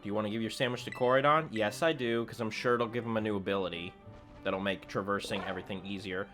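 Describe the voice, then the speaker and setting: A man voicing a gruff, quiet teenage boy from a video game, reading the lines low and subdued over faint game music. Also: fairly even intonation, quick pace, close to an everyday voice.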